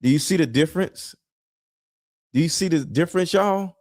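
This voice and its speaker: A man giving blunt, preachy reaction commentary, swearing and sometimes shouting. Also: on the high side, normal speed, no room sound, clean studio sound. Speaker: commentary vlogger reacting to clips.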